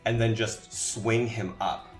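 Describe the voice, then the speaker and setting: Man, tabletop player, fairly low voice, quick bursts describing moves, roomy echo. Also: fairly even intonation, soft background music. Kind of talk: tabletop game play.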